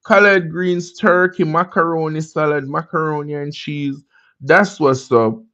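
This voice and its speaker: A man's voice: fairly high pitch, fairly even intonation, sharp tone, highs cut off. A Jamaican man hosting a casual livestream chat. He answers viewer comments and greets viewers by name. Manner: laid-back, drawn-out, greets viewers by name. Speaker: livestream host.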